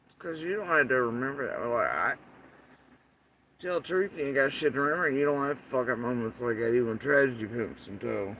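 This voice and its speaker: A man's voice: mid-range voice, fairly bright tone, a little hiss or hum. A man hosting a livestream, ranting angrily and profanely, mocking his critics in sarcastic quoted voices. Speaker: livestream host. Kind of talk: angry livestream rant. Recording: voice somewhat far from the mic.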